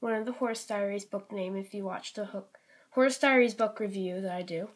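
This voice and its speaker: A woman's voice: mid-range voice, normal speed. A young woman in her teens from Canada, showing off new toys in a casual, rambling vlog full of ums, likes and little apologies. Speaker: toy collection vlogger. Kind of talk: casual show-and-tell vlog.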